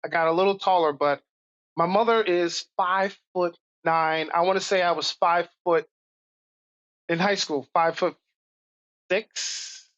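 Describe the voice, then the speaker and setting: A man from Brooklyn tells stories in a lively, casual way. He guests on a podcast, and his voice comes through slightly dull and lo-fi. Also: sits high, a little slow, pauses often. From Brooklyn, New York. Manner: animated, acts out voices in stories. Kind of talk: casual storytelling.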